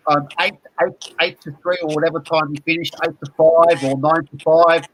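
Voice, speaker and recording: A man chats in a rambling way, stumbling over repeated words and fillers. His voice is bright and sits a little high. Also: steady tone, normal speed, poor audio. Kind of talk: casual chat.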